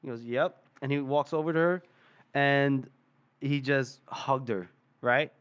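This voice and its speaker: A man's voice: medium pitch, a little slow, fairly bright tone, smooth, no echo. A man hosting a podcast, loosely retelling a chapter with fillers and laughs. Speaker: podcast host. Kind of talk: casual chapter recap.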